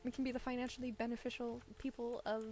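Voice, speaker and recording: A woman streaming a farming game, rambling and thinking out loud with little laughs into a low-set desk mic. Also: level tone, fast talker, soft background music. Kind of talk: casual gameplay commentary. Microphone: desk microphone set low.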